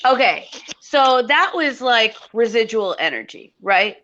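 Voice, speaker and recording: A woman's voice: a little high, big pitch swings, a little slow, bright, forceful tone, lo-fi sound, a little hiss or hum. A woman in casual chat, thinking aloud hesitantly with many fillers.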